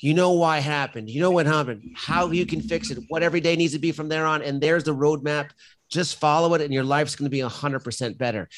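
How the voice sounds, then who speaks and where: A man's voice: a little high, fast talker. A middle-aged man, a firefighter and company founder, talks as a podcast guest in a casual interview. He speaks bluntly and emphatically, and he often restarts his sentences.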